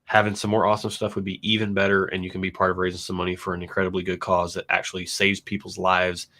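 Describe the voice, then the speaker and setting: Man, lowish voice, casual livestream co-host, rambling, lots of fillers. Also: fast talker. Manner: relaxed, rambling tasting talk with many fillers.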